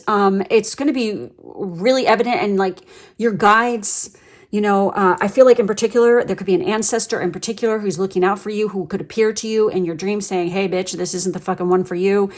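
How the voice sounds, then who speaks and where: A woman's voice: mid-range voice, brisk. A woman giving a casual tarot reading, talking bluntly in a rambling way, swearing often and filling her talk with fillers. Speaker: tarot card reader.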